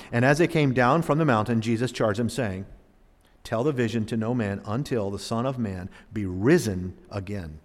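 A man preaches to his congregation in an earnest, emphatic way, sinking to soft low phrases and then climbing loud and high. His voice sits in the middle of the male range. It rings with the long reverb of a large church hall. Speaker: pastor. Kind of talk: sermon.

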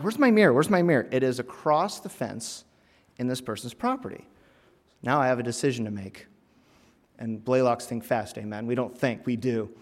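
A man of middle pitch preaches in a sermon, building into loud, emphatic bursts and then falling back quiet. He tells a funny personal story along the way. His voice trails off into a long hall reverb.

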